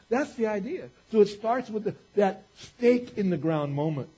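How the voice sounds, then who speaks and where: Animated husky male preacher. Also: high voice, normal speed, few pauses. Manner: animated, conversational preaching with acted quotes. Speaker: pastor. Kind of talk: sermon. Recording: dull lo-fi recording.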